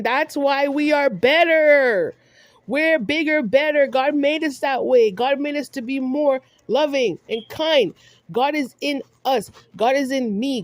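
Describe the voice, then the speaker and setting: A woman's voice: sits high, dry recording, clean studio sound. A woman vlogger delivering a heated monologue, scolding someone directly and repeating herself for emphasis.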